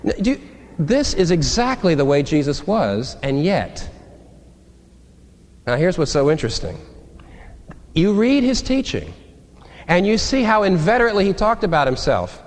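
A male pastor preaching a sermon in an animated, conversational way, acting out quotes. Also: high-pitched, normal speed, long pauses. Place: church sanctuary. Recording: long reverb of a large hall.

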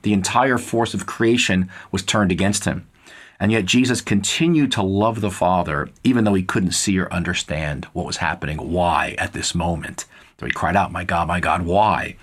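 A man preaching a Bible teaching in an earnest, measured way, repeating words and pausing with filler uhs. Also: low voice. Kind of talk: sermon-style Bible teaching.

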